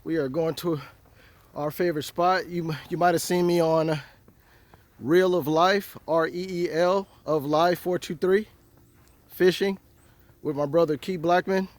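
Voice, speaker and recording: A man with a voice on the high side talks to viewers while fishing at a river during a snowstorm, joking at his own expense. He's a fishing vlogger keeping it casual, unhurried and fairly even in intonation, with no echo.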